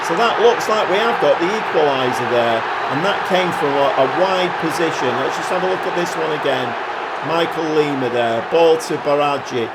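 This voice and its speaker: Male gaming YouTuber, chatty match commentary, a little higher-pitched, dry humour, moody swings. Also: noisy background. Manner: chatty, dry humour, swings between glum grumbling and excited cheering. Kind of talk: casual play-by-play commentary on a football management game.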